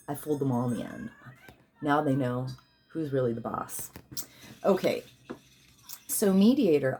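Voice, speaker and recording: A woman's voice: extremely low pitch, warm tone, a little hiss or hum. A woman leading a guided healing session, chanting affirmations and commanding prayers, yawning at times. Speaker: spiritual healer and card reader.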